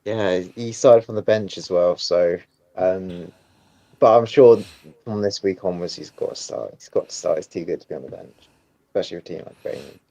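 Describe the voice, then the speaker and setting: A man's voice: sits low, moderate pace, vocal fry, warm tone, rough recording. A man co-hosting a football podcast, speaking briefly and matter-of-factly. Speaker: podcast co-host. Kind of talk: casual football chat.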